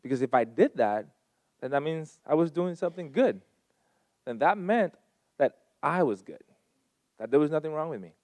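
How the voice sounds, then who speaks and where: A man's voice: a little high, expressive, normal speed, long pauses, darkish tone, no echo. A man in his thirties giving a personal testimony at a Sunday gathering, earnest and repeating phrases for emphasis into a handheld mic. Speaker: guest speaker at a Sunday service.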